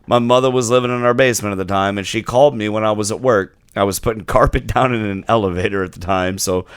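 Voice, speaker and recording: A podcast co-host with a lowish voice talks fast, telling a story in casual chat and animatedly acting out the people in it. The recording is clean, studio quality, with no room sound.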